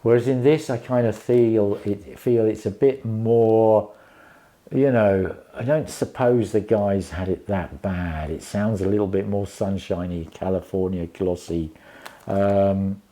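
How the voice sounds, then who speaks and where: Man, deep voice, warm dark tone, rambling casual review. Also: measured pace. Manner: rambling, many restarts and fillers. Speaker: vinyl record reviewer.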